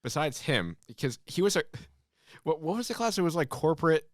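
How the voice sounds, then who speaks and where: A man's voice: fairly high pitch, very animated, a little fast, no echo, studio quality. A man who runs tabletop games, telling stories in a casual podcast chat. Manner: storytelling with fillers and restarts. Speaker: game master.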